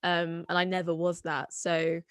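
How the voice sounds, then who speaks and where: A woman's voice: on the low side, monotone, measured pace, dry recording, clean studio sound. A woman in her twenties with a Somerset accent, chatting in a rambling, filler-heavy way as a guest in conversation. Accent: Somerset English. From Somerset, England. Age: 20s. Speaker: guest, singer-songwriter. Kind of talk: casual conversation.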